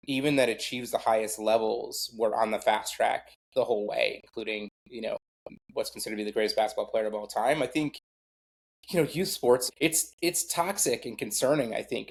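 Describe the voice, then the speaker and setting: A middle-aged man, a guest on a podcast, talking casually about sports in a rambling way full of fillers and self-deprecating asides. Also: mid-range voice. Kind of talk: casual conversation.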